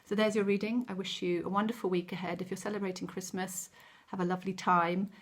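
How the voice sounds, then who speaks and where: A woman giving a gentle, encouraging weekly card reading, with frequent ums and self-corrections. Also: medium pitch, flat delivery, fast talker. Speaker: tarot card reader.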